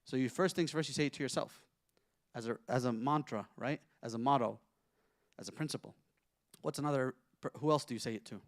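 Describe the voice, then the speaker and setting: A sheikh with a mid-range voice gives an interactive, conversational Quran lesson, quizzing his listeners and reciting Arabic verses quickly. The recording is dry and studio quality.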